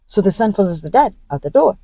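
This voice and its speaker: A woman's voice: medium pitch, no echo, poor audio. Woman retelling a movie plot. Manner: animated, acts out dialogue in quick asides. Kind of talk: casual storytelling recap.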